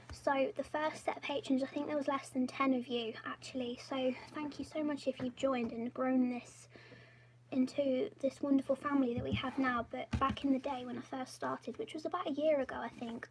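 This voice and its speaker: High-voiced woman chatting, half-whispered. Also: background noise. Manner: chatty, rambling, self-deprecating, often half-whispered. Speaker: live-streaming illustrator. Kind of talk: casual live-stream chat. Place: home office.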